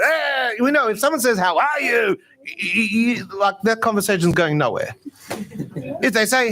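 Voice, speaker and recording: Male rabbi, high voice, informal gathering talk, chatty and self-deprecating. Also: normal speed. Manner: lively, chatty, self-mocking. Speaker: rabbi teaching meditation.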